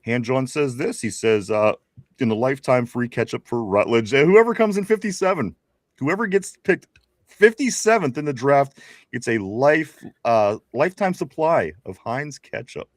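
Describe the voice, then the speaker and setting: A man co-hosts a live sports chat, reading out viewer comments. His voice sits at an ordinary middle pitch, easygoing and quick to laugh. The sound is dry and close, with no room around it. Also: lively intonation, dry recording. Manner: laughs often, reads viewer comments aloud. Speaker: co-host.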